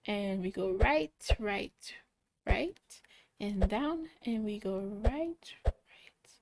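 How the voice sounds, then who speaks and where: A young woman slowly talking kids through a coding puzzle, muttering each step and cheering when it works. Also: medium pitch, background noise. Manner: cheerful, muttering steps aloud, excited yays. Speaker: coding club instructor. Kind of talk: slow think-aloud coding walkthrough for kids.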